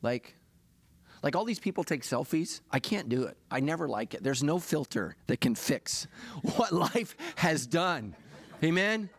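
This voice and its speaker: A man's voice: fairly high pitch, very animated, a little slow, husky, dry recording. A middle-aged man, a pastor, preaching a sermon in a confessional, self-deprecating way that builds to impassioned preaching.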